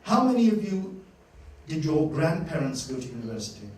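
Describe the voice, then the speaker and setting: A man giving a lively master-class lecture at a journalism school, playful and questioning his audience. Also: fairly high pitch, fairly quick, slight background noise. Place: university lecture hall. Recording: echoey hall, distant mic, faint ambience.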